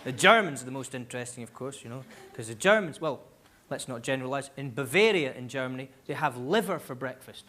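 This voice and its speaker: A Scottish man doing stand-up comedy on a large theatre stage, rambling and animated with asides. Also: medium pitch, quick pace, hardly any pauses. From Scotland. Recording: live theatre recording, loud ambience.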